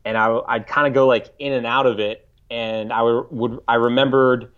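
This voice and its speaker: A man in his thirties from the United States, a podcast guest recalling a story in a halting, reflective way, often restarting his sentences. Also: medium pitch, steady tone, fairly bright tone, smooth. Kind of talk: casual interview storytelling. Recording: slightly dull lo-fi audio.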